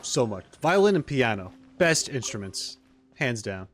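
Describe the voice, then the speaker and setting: Excitable man with lively pitch. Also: a little slow. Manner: excitable, rambling, talks to his viewers. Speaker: gaming streamer. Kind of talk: casual let's-play commentary. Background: faint game music.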